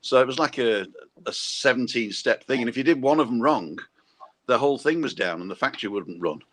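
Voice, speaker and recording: A man's voice: medium pitch, expressive, brisk, a bit bright. An older man hosting a casual chat, telling long rambling anecdotes. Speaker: podcast host.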